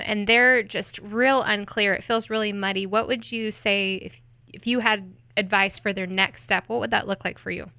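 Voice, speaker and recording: Woman, podcast host, gentle questions, crisp resonant voice. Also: mid-range voice, no echo. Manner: gentle probing questions, frequent affirming murmurs. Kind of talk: faith podcast interview.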